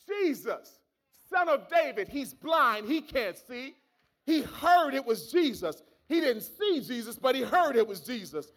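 High-pitched, bright-voiced preacher man. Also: very animated, unhurried. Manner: preaching with rising shouts and repeated words. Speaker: pastor. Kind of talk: sermon.

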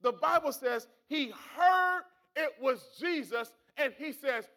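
A male pastor preaching a sermon with rising shouts and repeated words. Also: very high voice, expressive, takes it slowly, few pauses.

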